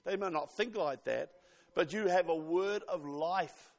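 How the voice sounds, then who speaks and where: A man's voice: high voice, a little slow. A man preaching a sermon, emphatic, quoting scripture and asking the congregation questions.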